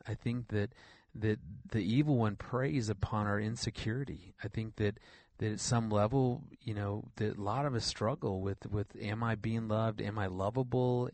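A man's voice: on the low side, darkish tone, dry recording. A middle-aged man who is a regular guest on a Christian radio show, telling stories earnestly and often repeating words as he thinks. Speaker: regular guest, relationship counselor. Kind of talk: radio interview, storytelling.

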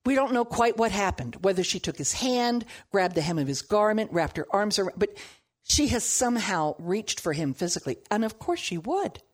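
A woman teaching a Bible passage in an animated storytelling way, with humorous asides. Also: medium pitch, moderate pace.

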